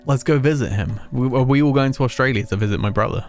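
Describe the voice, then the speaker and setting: A man's voice: mid-range voice, quick pace, hardly any pauses, soft background music. Chatty man streaming a game. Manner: chatty, rambling, self-mocking. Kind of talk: casual let's play commentary.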